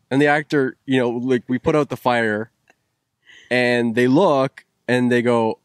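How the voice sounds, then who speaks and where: A man's voice: mid-range voice, steady tone, a little slow, smooth, no room sound, studio quality. A man co-hosting a casual chat about filmmaking, telling stories with many fillers and restarts. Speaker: co-host, filmmaker.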